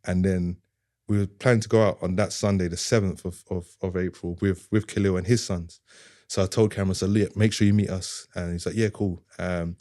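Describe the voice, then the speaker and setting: A man's voice: low voice, dark tone, no echo, clean studio sound. A middle-aged man, a podcast guest telling a heartfelt personal story with earnest feeling. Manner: earnest, heartfelt, often retells dialogue.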